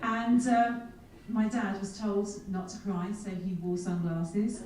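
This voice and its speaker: Taking her time, a woman with a mid-range voice delivers a comic keynote in a big conference hall, lively and quick to mock herself in humorous asides. A crowd can be heard in the background, and the distant mic picks up plenty of hall echo.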